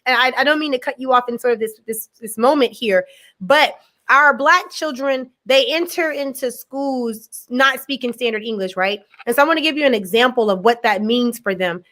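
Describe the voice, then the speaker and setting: A woman speaks as a guest on a live discussion stream. Her high, bright voice carries an earnest, explanatory tone. She laughs easily between points. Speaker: guest educator.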